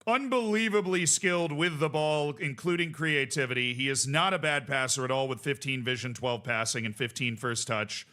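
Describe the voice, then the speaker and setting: A man streaming a football management game, calling the match play-by-play and shouting in excitement. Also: mid-range voice, normal speed, few pauses. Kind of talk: live gameplay commentary.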